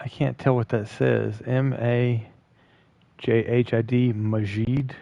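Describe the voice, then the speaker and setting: A man's voice: medium pitch, level tone, slow pace, vocal fry, warm tone, no echo, dull audio. A man streaming a video game live, chatting to his viewers while he plays. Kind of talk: live gameplay commentary.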